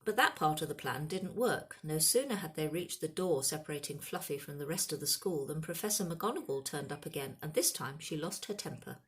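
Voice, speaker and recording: A woman narrating a storybook in a calm, even manner. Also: deep voice, a little fast, few pauses. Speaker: audiobook reader.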